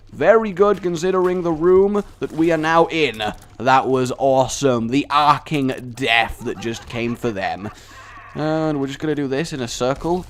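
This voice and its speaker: A man's voice: mid-range voice, slight background noise. A young man giving casual, jokey, self-deprecating commentary while playing a video game. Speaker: gameplay commentator. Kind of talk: casual let's-play commentary.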